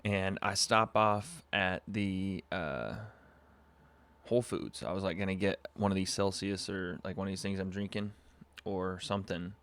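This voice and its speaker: A man's voice: sits low, unhurried, a bit bright, clear, resonant tone. A young man from Southern California hosting a podcast livestream, telling a rambling story with lots of fillers, on a webcam mic. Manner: laid-back, rambling with frequent fillers and laughs. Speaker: podcast host.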